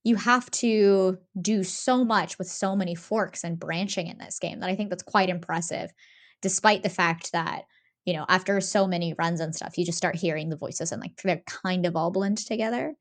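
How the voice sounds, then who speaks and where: A woman co-hosting a podcast, talking in a casual, animated way with lots of fillers and restarts. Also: on the low side, normal speed. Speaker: podcast co-host. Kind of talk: casual discussion.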